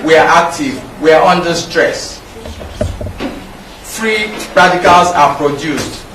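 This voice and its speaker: A middle-aged man with a Nigerian English accent, giving an emphatic, anecdote-filled medical lecture. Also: a little high. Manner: emphatic, repetitive, anecdotal teaching. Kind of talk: public lecture. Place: lecture hall. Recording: echoey hall, mic from far off, faint background noise.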